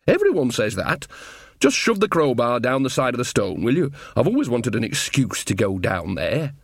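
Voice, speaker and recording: A man's voice: medium pitch, very animated, moderate pace, creaky, slightly rough, no echo, studio quality, exaggerated voice. A man voicing a bawdy, earthy old witch woman who talks bluntly and teases. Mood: chatty, teasing. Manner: blunt, homely, teasing.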